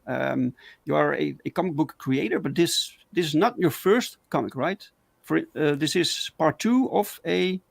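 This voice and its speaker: A man hosting a casual livestream chat, excitable and full of fillers and restarts. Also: fairly high pitch, creaky, dry recording. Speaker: talk show host.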